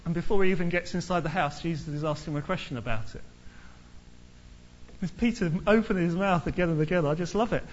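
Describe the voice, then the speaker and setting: Guy preaching, tells the story lively and acts out the characters, muffled audio w/ faint hum. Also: on the high side, quick pace. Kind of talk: sermon.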